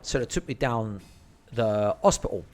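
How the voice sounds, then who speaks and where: A man's voice: lowish voice, expressive, moderate pace. A man telling a rambling, slang-filled story and swearing freely. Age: 30s. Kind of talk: casual storytelling.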